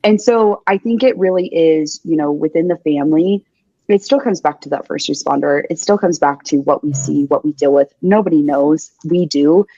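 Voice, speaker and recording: A woman's voice: deep voice, normal speed, warm tone, no echo, highs cut off. A young adult woman, a paramedic guest on a podcast, talking bluntly and emphatically, swearing freely and repeating her points. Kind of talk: candid interview talk.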